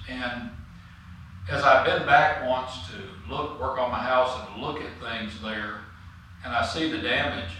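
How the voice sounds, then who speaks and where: Earnest pastor preaching in an echoey room. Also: male voice, medium pitch, pushed and bright, slight background noise. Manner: earnest, rising to emphatic for scripture and key points. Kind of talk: sermon. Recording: roomy echo, mic at a distance.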